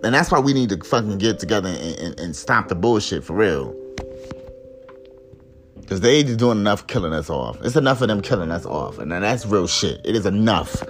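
Angry, profane man ranting low. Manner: heated, profane, rising to shouts of outrage. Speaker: podcast host. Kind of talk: angry solo commentary.

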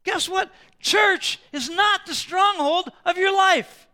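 A man preaches from the pulpit, his voice sitting unusually high. It has a bright, forceful edge. He swings between soft, conversational asides and loud, drawn-out declarations. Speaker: pastor. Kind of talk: sermon.

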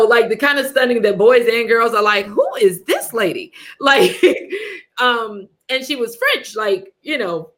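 Lively, laughing woman telling a story. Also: on the high side. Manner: animated storyteller, laughs often, acts out quotes. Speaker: director and writer, guest. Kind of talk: casual interview chat.

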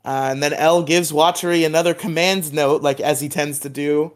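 A man's voice: on the high side, steady tone, moderate pace, clear, resonant tone. A man co-hosting a podcast, recapping a TV episode in a chatty way full of fillers. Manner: chatty, filler-heavy retelling of scenes. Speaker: podcast co-host.

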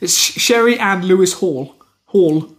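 Giggly, easygoing co-host reading news stories, voice bouncing up and down. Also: male voice, high-pitched, lively intonation, moderate pace. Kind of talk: casual comedy chat, reading out news and comments.

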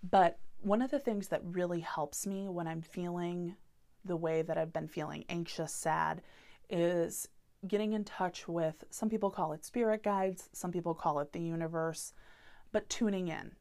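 A woman in her thirties hosts a solo podcast and speaks in a sincere, open-hearted way. Her voice sits a little low for a woman, and she talks candidly about hard feelings. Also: measured pace, a little mellow. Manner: earnest, heartfelt and openly vulnerable. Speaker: podcast host.

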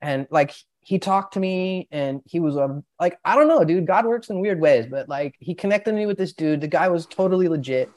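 A man's voice: sits high, animated, moderate pace, hardly any pauses, a little mellow. A young man telling a long personal story in a casual podcast chat, rambling and profane, with lots of filler words. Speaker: podcast guest.

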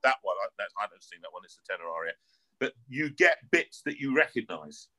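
Speaking briskly in a fairly low voice, a middle-aged opera singer with a North London accent recounts stories in an informal interview. He's an animated storyteller who often repeats words, and the audio is poor.

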